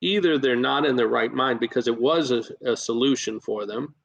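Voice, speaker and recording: A man who invests in real estate, talking as a podcast guest and coaching listeners in a lively way, with plenty of fillers and restarts. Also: mid-range voice, normal speed, gravelly, muffled recording. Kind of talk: casual podcast storytelling.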